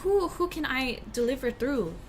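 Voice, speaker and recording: A woman's voice: high-pitched, expressive, normal speed, a little hiss or hum. A woman co-hosting a casual livestream from a room at home, reading out viewer comments and chatting about them. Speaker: livestream co-host.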